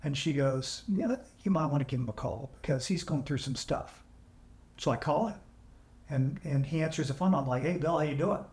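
Earnest male podcast guest, halting emotional storytelling, roomy audio. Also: fairly high pitch, a little mellow. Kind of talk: candid storytelling. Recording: echoey room, AI-salvaged audio.

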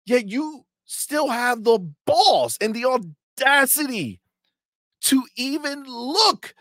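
A young adult man co-hosting a gaming livestream, animated and profane, trash-talking rival fans and reading viewer chat aloud. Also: very high voice, slow, no echo, studio quality. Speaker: co-host of a gaming talk stream. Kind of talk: casual livestream banter.

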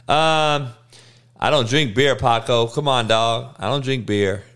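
Man, hungover, slow monotone, crude swearing, smooth clear voice, middle pitch. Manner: crude, blunt trash talk with frequent swearing. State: hungover, sluggish. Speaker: live-stream host reading chat. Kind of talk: casual profane live-stream chat.

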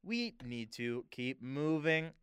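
A weary wizard speaks in a calm, drawn-out way, each word unhurried, as a man voices him during a tabletop game. The voice is smooth and resonant. It sounds dry and close. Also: medium pitch, dry recording. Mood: grave. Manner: slow, drawn-out speech.

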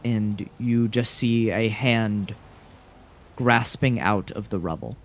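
Slow, measured male game master. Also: fairly low pitch, steady tone. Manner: measured, dramatic scene-setting. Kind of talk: narrating a tabletop game.

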